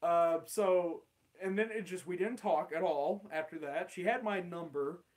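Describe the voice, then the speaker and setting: A young man rambles through an awkward personal story in a casual, unscripted way. His voice sits a little higher than most men's. He swears freely and fills his talk with "like" and "um". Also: measured pace. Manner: rambling, swearing, with laughs and many fillers. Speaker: channel host.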